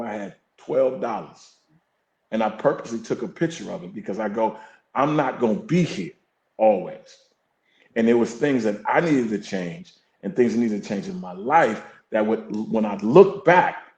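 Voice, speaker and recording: With a lowish, darkish voice, a fire captain and coach reflects candidly as a podcast interview guest. His delivery carries earnest, preacher-like emphasis, heard through a roomy echo.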